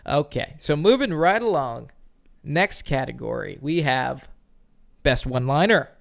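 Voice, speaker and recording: A man's voice: on the high side, expressive, unhurried, gravelly. A man co-hosting a casual podcast, joking and teasing his partner in a playful, dry way. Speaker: co-host.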